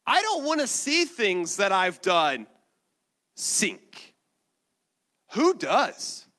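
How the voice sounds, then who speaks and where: A man's voice: high voice, huge pitch swings, extremely slow, bright, forceful tone. A male pastor preaching a sermon in a conversational way, with asides to the congregation.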